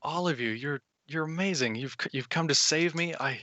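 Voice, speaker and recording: A man's voice: a little high, fairly quick, lo-fi sound, crowd noise, close to an everyday voice. A man doing an awed, stammering rescued boy. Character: grateful rescued young village boy.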